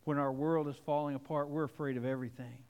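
A man preaching a sermon, swinging between hushed and emphatic delivery. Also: medium pitch, fairly even intonation, fast, smooth, muffled recording. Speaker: pastor. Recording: long hall reverb.

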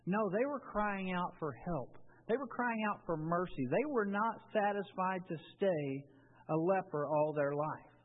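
A man's voice: sits high, expressive, a little slow. A man preaching a sermon in a conversational way, often restarting his phrases. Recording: tinny, phone-like with long reverb.

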